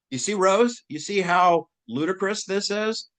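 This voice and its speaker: A man hosting his own channel in rambling casual commentary, animated and mocking, his voice jumping up high when he fires off rhetorical questions. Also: moderate pace, hardly any pauses. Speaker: channel host.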